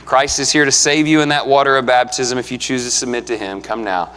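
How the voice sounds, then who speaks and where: A man's voice: steady tone, fairly quick, fairly bright tone, clean tone. Earnest preacher man in an echoing church. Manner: conversational, earnest, builds in pitch and volume to emphatic peaks. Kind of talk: sermon. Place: church sanctuary. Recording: long reverb of a church hall.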